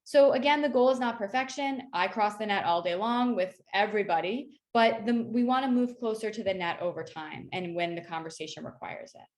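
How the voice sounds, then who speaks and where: A woman's voice: mid-range voice, fairly quick, few pauses. A woman leading a workplace workshop, speaking in a conversational coaching tone and often checking in with "right?" and "you know.". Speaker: workshop facilitator. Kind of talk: online workshop presentation.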